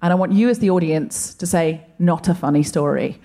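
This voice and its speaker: A woman comedian talking to a live audience on stage in a thoughtful, measured way. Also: on the low side, mellow. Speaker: comedian, co-host.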